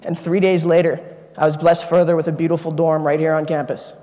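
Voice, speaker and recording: Young male keynote speaker, high voice, earnest, lingering hall reverb. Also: little pitch movement, a little fast, warm tone. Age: 20s. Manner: earnest personal storytelling, emphatic repetition. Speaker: keynote speaker, engineering student. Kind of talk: motivational speech. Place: conference auditorium stage. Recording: long reverb of a large hall.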